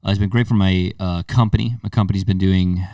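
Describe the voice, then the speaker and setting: Man in his thirties, low voice, casual podcast host, animated storytelling, dry room, a bit off mic. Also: fast talker, dry recording, distant mic. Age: 30s. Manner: animated storyteller, acts out quotes.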